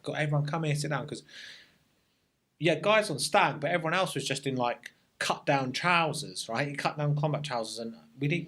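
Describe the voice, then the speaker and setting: A man, an army veteran and guest, telling a story in a relaxed interview, reflective and full of army slang, often restarting his sentences. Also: mid-range voice.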